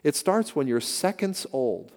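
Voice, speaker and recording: A man's voice: a little high, a little slow. An older man preaching a sermon, telling stories with emphatic repetition. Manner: animated storytelling with emphatic repetition. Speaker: pastor. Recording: long reverb of a large hall.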